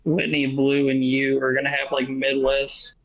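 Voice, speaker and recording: A man's voice: medium pitch, monotone, moderate pace, dry recording, lo-fi sound. Rambling man with a light Southern lilt. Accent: slightly Southern American. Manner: rambling, full of fillers. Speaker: friend on voice chat. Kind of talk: casual chat.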